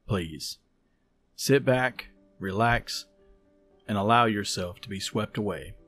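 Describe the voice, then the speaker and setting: A man hosting a podcast, reading a story aloud in a calm, measured, soft-spoken way. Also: fairly low pitch, soft background music. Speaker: podcast host and story reader. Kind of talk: scripted story narration.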